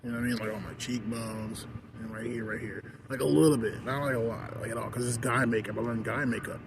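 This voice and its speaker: A man talks straight to camera in a loose, rambling rant, with a voice at an ordinary middle pitch. He swears freely and leans on "like" and "you know what I mean" constantly. Clear background noise and passing vehicles run under the whole recording. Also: fairly even intonation, fast talker. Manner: rambling, profane, constant "like" fillers. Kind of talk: casual rant vlog.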